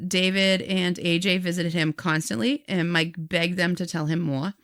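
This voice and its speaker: A woman with a notably low voice tells a long story in casual podcast chat. She acts out the people in it by quoting them in their own words, and keeps the account moving. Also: steady tone, moderate pace, fairly bright tone, no room sound, clean studio sound. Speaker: podcast co-host.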